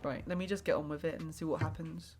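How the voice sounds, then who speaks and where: A young woman with a slightly low voice talks through a live tarot reading, rambling and hesitant. She fills her sentences with fillers and restarts, and faint music plays softly behind her. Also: fairly even intonation, fast talker. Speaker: tarot reader and streamer. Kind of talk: live-streamed tarot reading, casual chat.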